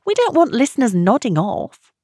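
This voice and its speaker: A woman's voice: a little high, big pitch swings, moderate pace, warm tone, no echo, studio quality, pitched above the performer's own voice. A woman narrator voicing a weary, blunt female radio producer who gives orders in a bossy way. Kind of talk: audiobook character reading.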